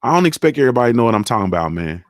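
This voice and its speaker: A man's voice: medium pitch, big pitch swings, racing, no echo, studio quality. A young man hosting a casual live-stream show about boxing, telling stories in loose, profane slang. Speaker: show host.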